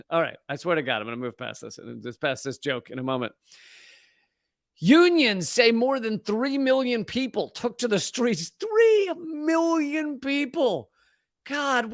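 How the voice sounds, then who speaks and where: A man's voice: sits high, big pitch swings, moderate pace, fairly bright tone, no room sound. An American man hosting his live show, riffing sarcastically on the news and stumbling into restarts as he jokes. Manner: sarcastic, riffing, mocks pronunciations; frequent restarts and laughs. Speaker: comedian host of a live show. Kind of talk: casual ranting commentary.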